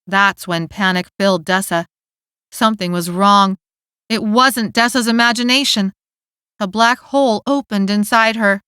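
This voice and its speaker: A woman narrating an audiobook in a steady, clear storytelling manner, recorded on a studio mic. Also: mid-range voice, a little slow, no room sound. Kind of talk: scripted narration.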